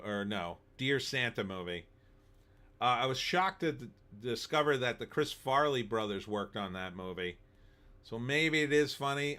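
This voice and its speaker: On a live stream about movies, a man chats casually and answers viewer comments, rambling and opinionated with plenty of ums. His voice is on the low side with a sharp tone.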